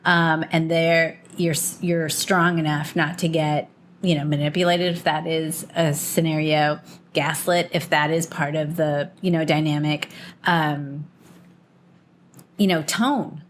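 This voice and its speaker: A woman's voice: low-pitched, fairly even intonation, unhurried, slight background noise. A woman co-hosting a casual podcast chat, talking in earnest strings of short affirming phrases. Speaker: podcast co-host.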